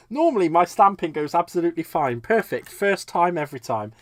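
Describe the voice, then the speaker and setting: A man's voice: a little high, big pitch swings, moderate pace, no echo. A man from Britain hosting a live crafting stream, chatting casually and laughing at his own mistakes as he works. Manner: chatty, self-deprecating, laughs often. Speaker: crafting livestream host.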